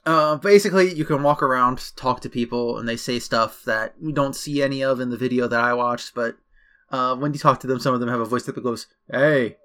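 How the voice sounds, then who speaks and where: Host, casual man recapping a game plot, bright forward voice. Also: medium pitch, a little fast. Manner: chatty, loose recap with fillers and asides. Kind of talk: casual chat.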